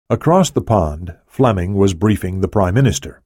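A man narrating an audiobook in a steady, even reading. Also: low voice, a little fast, hardly any pauses, breathy edge, dry recording, studio quality.

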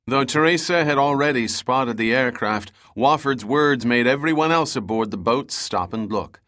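A man giving steady, even scripted audiobook narration of an adventure novel. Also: medium pitch, normal speed, dry recording, studio quality.

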